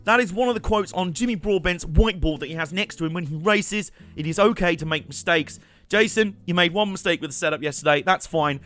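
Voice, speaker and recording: Chatty young streamer. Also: male voice, high-pitched, fairly quick, few pauses, a bit bright. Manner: chatty, joking, rambling asides with laughs. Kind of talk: live gameplay commentary.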